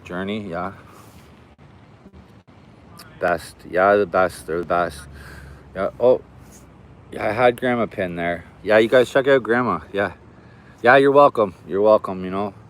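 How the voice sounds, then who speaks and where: Low-voiced man chatting to a livestream. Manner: chatty, reads out and thanks viewers. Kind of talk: casual live stream chat. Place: outdoors by a river.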